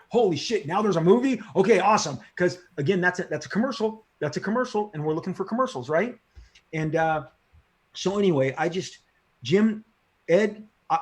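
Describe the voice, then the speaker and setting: A middle-aged comic book creator telling stories in a casual interview, excitable, slangy and repeating himself as he gets fired up. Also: fairly high pitch.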